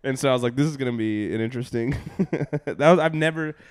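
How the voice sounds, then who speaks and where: Young male comic, casual storyteller, smooth clear voice, dry close sound, loose rambling delivery. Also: medium pitch, fast, no echo. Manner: rambling, laughing, full of fillers and swearing. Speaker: comedian and podcast host.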